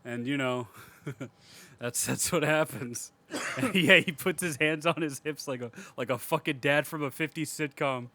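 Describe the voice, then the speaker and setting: A man co-hosting a podcast, recapping a movie in casual, profane chat, laughing a lot and getting loud and excited when he retells scenes. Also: a little high, a little slow, no room sound. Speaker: podcast co-host. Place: home, cat in the room.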